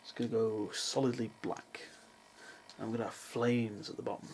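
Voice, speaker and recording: Gravelly young man vlogging. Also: lowish voice, flat delivery, normal speed, a little mellow, slight background noise, poor audio. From England. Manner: dry, self-mocking asides. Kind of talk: casual vlog chat. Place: parents' house in the countryside, with cats.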